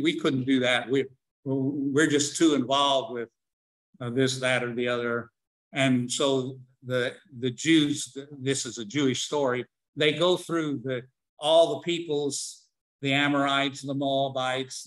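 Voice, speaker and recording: Slow, halting older man lecturing. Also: medium pitch, a bit bright, poor audio. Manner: halting, many fillers and restarts. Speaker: religion teacher. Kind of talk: online class lecture.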